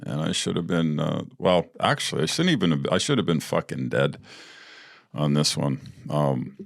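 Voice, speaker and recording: A man's voice: a bass voice, animated, moderate pace, vocal fry, dry recording, studio quality. A man hosting a podcast, telling personal stories in a casual, blunt, profane way and laughing as he goes. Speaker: podcast host. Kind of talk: casual storytelling.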